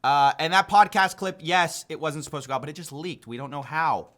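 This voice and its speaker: A man's voice: a little high, a little fast, a bit bright. A man hosting an online commentary video, talking in a sarcastic, mocking way and sounding incredulous. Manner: incredulous, mocking, laughs at the news.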